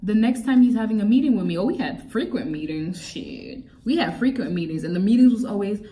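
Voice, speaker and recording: A woman's voice: mid-range voice, a little fast, recorded from a distance. Young woman telling a story, set back from the mic. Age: young adult. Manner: animated, exasperated, laughs often, acts out quotes. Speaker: vlogger. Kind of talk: casual storytelling.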